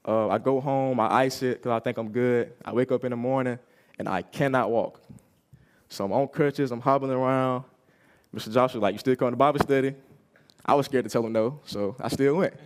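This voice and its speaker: A man's voice: medium pitch, fairly even intonation, moderate pace, pauses often, clean tone. A young man giving a personal testimony at a youth service, telling his story casually and acting out what people said.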